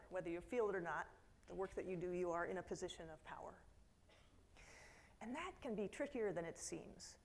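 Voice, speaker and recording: A middle-aged woman speaking from a conference stage, her keynote talk lively and story-driven. She drops into quoted voices and talks straight to the crowd, with a mid-range pitch. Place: conference hall.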